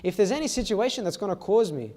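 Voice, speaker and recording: A man's voice: high voice, sing-song, quick pace, a little mellow. A man giving a sermon to a youth meeting in a church, telling stories and often checking in with "okay?" and "all right?".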